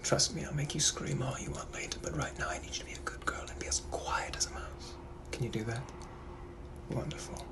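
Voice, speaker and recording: In a whispered role-play, a man plays a suave yet menacing 1800s British gentleman, purring and teasing in a British accent. His mid-range voice moves briskly, and the acting is light.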